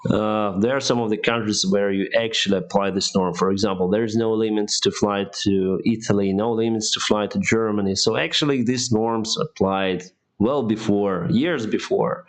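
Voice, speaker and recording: On a live stream, a pilot from Ukraine fields viewer questions, his English halting and full of restarts and laughter. His voice is on the low side.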